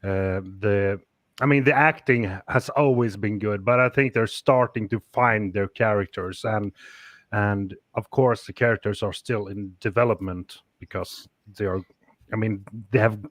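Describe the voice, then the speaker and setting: A man from Sweden, co-hosting a livestream chat, talking in a relaxed, rambling, hesitant way. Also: lowish voice, a little slow, dry recording, clean studio sound. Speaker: co-host.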